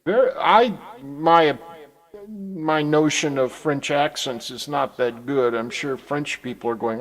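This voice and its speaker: A man from the United States hosting a casual chat, telling rambling, animated stories that trail off into asides. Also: on the high side, slow pace, low-quality recording. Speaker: host.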